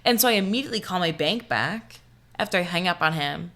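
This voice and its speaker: A young woman co-hosting a casual podcast, with a lowish, bright, forward voice. She tells her stories in a rambling, profane way, leaning on constant fillers. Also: lively intonation, fast. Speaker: podcast co-host. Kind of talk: casual chat.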